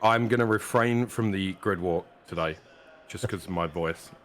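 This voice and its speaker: Low-voiced co-commentator getting over a cough. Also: male voice, normal speed. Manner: jokey, banters with co-host. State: recovering from a cough. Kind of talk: live race commentary.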